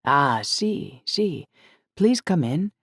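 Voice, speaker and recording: A woman's voice: deep voice, big pitch swings, drawn-out words, breathy edge, no echo, studio quality, heavily acted. A woman doing a charming young glassblower. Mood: friendly. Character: Italian young man, friendly glassblower, playful.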